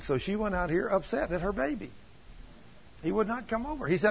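Middle-aged pastor, husky and fairly high, fervent sermon delivery, dull lo-fi recording. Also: male voice, expressive, fairly quick. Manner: fervent storytelling preacher, rising to loud emphasis.

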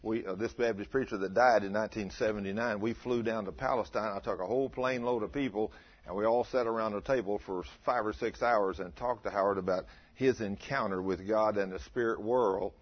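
Animated male preacher in his 50s, husky, muffled lo-fi sound. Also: on the low side, brisk. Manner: animated, acts out dialogue, laughs with listeners. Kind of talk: storytelling sermon. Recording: dull lo-fi recording.

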